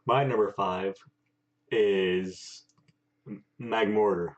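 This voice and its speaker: A man co-hosting a casual chat, speaking haltingly with many pauses. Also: lowish voice, steady tone. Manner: halting, many fillers and restarts. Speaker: co-host. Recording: dull lo-fi sound.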